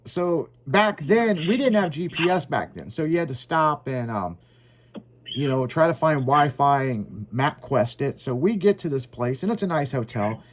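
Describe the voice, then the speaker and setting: A man's voice: on the high side, lively intonation, moderate pace. A man co-hosting a casual podcast, telling profane road stories and acting out both sides of old conversations. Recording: faint background noise.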